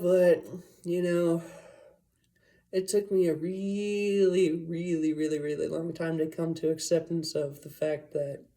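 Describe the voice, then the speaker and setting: A woman's voice: sits low, flat delivery, unhurried, dark tone. A woman telling a rambling personal story in a casual, profane way, full of fillers and asides. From Las Vegas area, USA.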